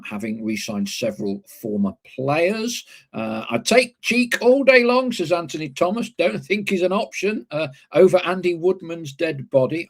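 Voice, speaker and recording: A man's voice: a little high, gravelly. A man hosting a casual live football podcast, reading out listener comments with chatty, wry asides between them.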